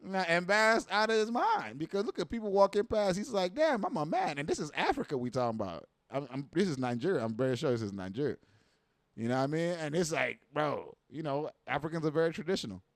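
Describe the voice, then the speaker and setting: This fast-talking man has a slightly high voice, recorded with studio quality and no echo. His casual reaction commentary is animated and profane, loaded with slang and repeated lines like "you know what I mean."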